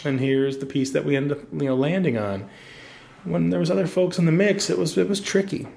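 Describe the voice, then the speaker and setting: A designer from the Pacific Northwest rambles through a live podcast interview at an event in a university building, joking and restarting often. His voice is on the high side, fairly quick and even in intonation, creaky yet a little mellow, and the room is echoey.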